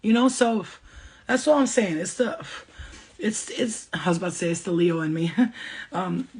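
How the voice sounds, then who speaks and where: A woman giving a casual livestream spiritual reading, talking fast and bluntly and swearing freely. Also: medium pitch, darkish tone, husky.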